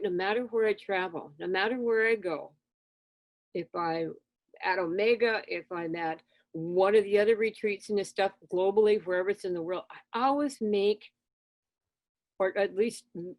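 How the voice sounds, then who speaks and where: A woman guest in an interview, telling stories in a lively conversational way and acting out exchanges with children. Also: medium pitch, dry recording. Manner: animated, acts out dialogue with children. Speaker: interview guest, spiritual teacher. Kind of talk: conversational storytelling.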